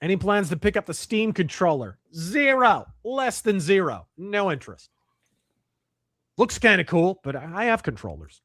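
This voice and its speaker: A man's voice: sits high, very animated, moderate pace, fairly bright tone, dry recording, studio quality. A man hosting a livestream, reading chat and articles aloud and answering in a blunt, profane, wry way. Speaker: streamer host.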